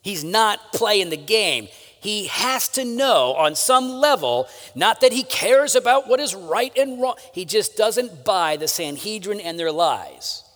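A male pastor preaches in a relaxed, conversational way, often asking "right?" His voice sits high and swings widely in pitch. The sound carries a long reverb, as in a church hall. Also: unhurried, hardly any pauses. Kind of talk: sermon.

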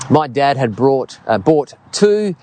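Lively Australian preacher in his fifties. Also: mid-range voice, extremely slow, slight background noise. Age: 50s. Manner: storytelling, earnest and expressive. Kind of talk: sermon.

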